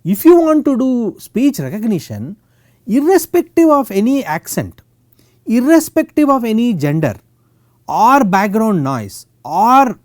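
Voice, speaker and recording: A man with an Indian English accent giving a technical university lecture, halting often with fillers and tag words. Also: fairly high pitch, darkish tone, dry recording, studio quality. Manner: halting, full of "uh" and "okay" tags. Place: lecture recording.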